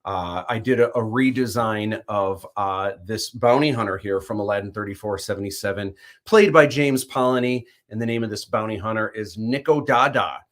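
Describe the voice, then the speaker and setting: A man's voice: on the low side, normal speed. Chatty man rambling about a show. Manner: rambling, animated opinions with many fillers. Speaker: livestream host. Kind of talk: casual chat.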